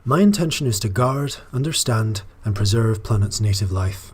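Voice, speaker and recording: A man voicing a proud, formal woman leader in a put-on Scottish accent, reading game dialogue aloud in measured diplomatic phrases. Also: lowish voice, animated, darkish tone, breathy edge. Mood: formal, stern.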